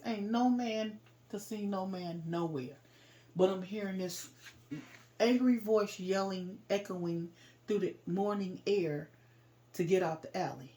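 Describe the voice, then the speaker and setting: A woman's voice: medium pitch, unhurried. A woman telling a painful personal story in raw, emotional, informal speech. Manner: raw and emotional, loud when reliving moments.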